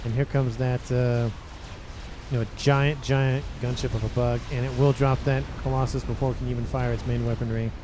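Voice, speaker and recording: A man's voice: mid-range voice, level tone, normal speed, background noise. A man giving casual commentary on a strategy game match, rambling and correcting himself, often breaking into exasperated rhetorical questions.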